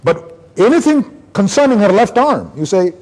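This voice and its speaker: A man's voice: high voice, moderate pace. A man from India giving a neurology conference lecture, telling case stories and acting out his talks with patients. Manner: animated storyteller, acts out doctor-patient dialogue.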